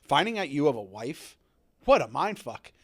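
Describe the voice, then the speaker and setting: A man co-hosting a podcast, talking in a rambling, animated way with many restarts. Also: fairly high pitch, normal speed. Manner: rambling, self-interrupting, animated. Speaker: podcast co-host. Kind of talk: casual podcast chat.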